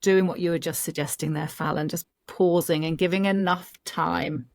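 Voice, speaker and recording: A woman's voice: lowish voice, steady tone, moderate pace, no room sound, clean studio sound. A woman with an Australian accent, a podcast co-host and sleep practitioner, talking in an empathetic, conversational way. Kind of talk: advice chat.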